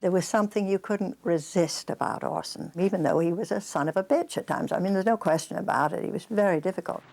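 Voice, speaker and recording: Older woman with a low, gravelly voice. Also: fast, hardly any pauses, a little mellow. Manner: chatty, amused storytelling. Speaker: interviewee. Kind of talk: reminiscing interview.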